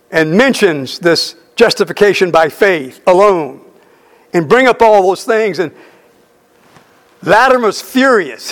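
Man, middle-aged, preacher, high voice, emphatic storytelling sermon. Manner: storytelling, emphatic with repeated phrases.

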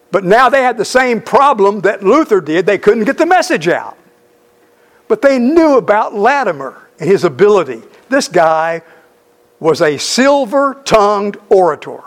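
A middle-aged man preaching a sermon, telling a story emphatically with repeated phrases. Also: high voice.

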